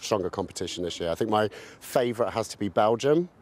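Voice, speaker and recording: A fan from England talking in a quick, friendly manner. His voice sits low and he chats in a good-humoured way. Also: expressive, a little mellow. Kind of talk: vox pop interview.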